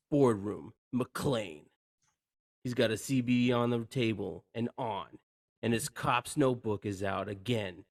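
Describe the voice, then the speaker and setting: A man's voice: medium pitch, takes it slowly, dry recording, clean studio sound. A man co-hosting a podcast, reading screenplay action lines aloud and stumbling over words. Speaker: podcast co-host.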